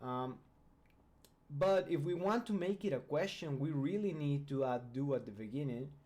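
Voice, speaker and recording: A man's voice: on the high side, normal speed, a little mellow. A man whose first language is Spanish, giving a patient, step-by-step grammar lesson in English that often checks in with the viewer. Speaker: English teacher. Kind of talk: explanatory video grammar lesson.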